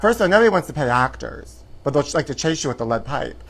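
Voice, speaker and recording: A man's voice: fairly high pitch, sing-song, quick pace, crowd noise. A man hosting a live show from his apartment, chatty and theatrical, sprinkling "honey" through his campy gossip. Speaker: host.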